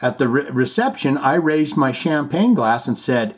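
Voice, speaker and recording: Animated middle-aged man hosting a podcast. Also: fairly high pitch, a little slow, hardly any pauses, slightly rough. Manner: animated storyteller, jumps into silly voices and reads jokes. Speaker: podcast host. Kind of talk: casual chat reading listener comments.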